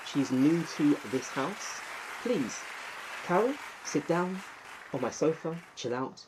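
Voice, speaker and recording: A man with an English accent hosting a casual live stream, reading the chat and giving playful shout-outs to viewers. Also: fairly high pitch, animated, takes it slowly, a little hiss or hum.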